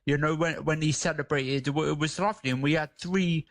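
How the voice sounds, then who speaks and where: A man chatting in a radio studio, his voice pitched a bit high and edged with gravel. He talks loosely, full of slang and stumbling restarts. The sound is dry and close. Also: fairly quick, no echo. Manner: relaxed, street slang, many restarts. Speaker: radio guest, disability campaigner. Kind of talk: casual radio chat.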